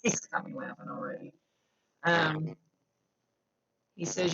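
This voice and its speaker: A man speaking as a psychic medium, giving a chatty, emphatic reading straight to the viewer and relaying messages in quick asides. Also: fairly high pitch, expressive, creaky, pushed and bright, breathy edge, no room sound, dull audio. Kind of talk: direct-to-camera psychic reading.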